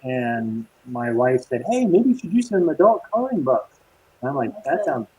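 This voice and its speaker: A man's voice: medium pitch, sing-song, normal speed, mellow, slightly rough, no room sound. A man in his fifties, a guest speaking over a video call, cheerful and laughing as he talks. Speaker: guest costume designer. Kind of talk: casual video-call interview. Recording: tinny, dry video-call audio.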